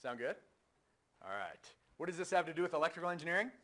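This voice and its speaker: A man lecturing a university engineering class in a lecture hall, talking in a conversational, energetic way and putting questions to the students. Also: on the high side, fast.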